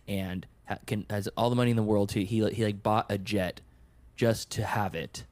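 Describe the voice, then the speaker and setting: A man hosting a podcast, musing over a film in a halting, thoughtful way, full of restarts. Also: fairly low pitch, steady tone, darkish tone, dry recording. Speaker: podcast host. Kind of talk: casual film review chat.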